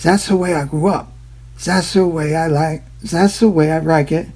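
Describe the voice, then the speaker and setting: A man putting on a clumsy, high, sing-song mock Chinese accent. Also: steady tone, a little mellow. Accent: mock Chinese, clumsy and partly German-sounding. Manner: jokey, sing-song, deliberately bad impression. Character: man in a broad, exaggerated put-on accent.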